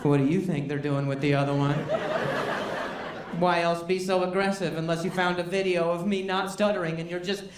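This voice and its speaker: A man's voice: high voice, fairly even intonation, fairly quick. Guy with a stutter doing stand-up, wry and self-mocking, roomy echoey live room with noise in the back. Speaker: stand-up comedian. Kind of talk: stand-up comedy set. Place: comedy stage before a live audience.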